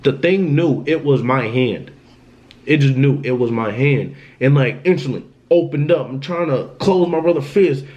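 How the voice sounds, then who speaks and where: A young man vlogging, retelling a frightening personal story in an animated, emphatic way with lots of slang. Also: mid-range voice, normal speed, muffled recording. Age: young adult. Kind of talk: storytime vlog.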